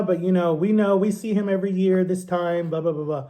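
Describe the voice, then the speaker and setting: Animated high-voiced man telling stories. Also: fairly quick. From Ohio, USA. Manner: animated, acts out quotes in a higher voice. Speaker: vlogger. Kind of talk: casual storytelling.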